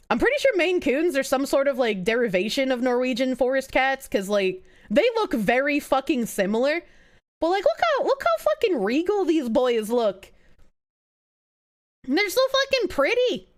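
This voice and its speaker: A woman chatting live on a stream with her viewers. Her voice sits a bit high and swings widely in pitch, and she breaks into excited squeals. She talks in a gushing way and swears freely. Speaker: livestreamer. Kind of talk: casual live-stream chat.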